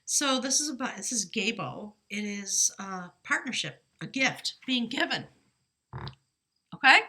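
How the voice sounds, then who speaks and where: A woman's voice: on the high side, expressive, measured pace, sharp tone. A woman giving a casual spiritual tarot reading. She reads rune meanings aloud, then slips into chatty, lighthearted asides. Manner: earnest, lighthearted, laughs easily. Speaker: tarot reader.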